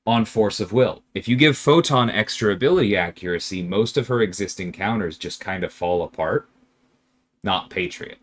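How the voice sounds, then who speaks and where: A man's voice: on the low side, moderate pace. A man streaming a game and answering viewer questions in casual chat, emphatic and exasperated at times. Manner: animated, emphatic, exasperated rants with laughter; reads viewer questions aloud and answers them.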